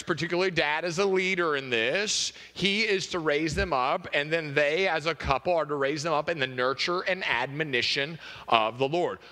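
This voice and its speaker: A man's voice: on the high side, pushed and bright. A man preaching an earnest sermon as pastor, repeating key phrases. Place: church sanctuary. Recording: long reverb of a large hall.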